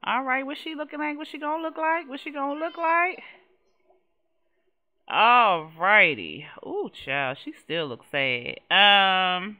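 On a dull lo-fi track, a female gaming host offers casual commentary in a slightly high voice at a measured pace. Exasperated and lively, she swears without restraint and talks right to her audience.

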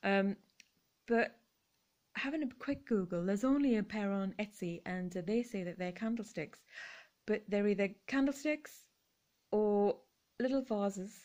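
A woman's voice: mid-range voice, unhurried, long pauses, darkish tone. A middle-aged woman chatting casually as she shows off her thrift haul, gushing over each find and apologizing for her pronunciation. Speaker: vlogger.

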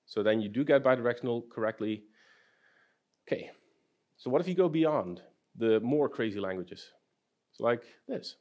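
A man presenting at a programming conference, talking at a middle pitch. His delivery is loose and conversational, with rhetorical questions to the crowd and wry asides. He sounds like a speaker thinking out loud on stage. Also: animated, moderate pace, long pauses, highs cut off. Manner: dry, self-deprecating humor, asks audience questions. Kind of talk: technical conference talk. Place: conference hall.

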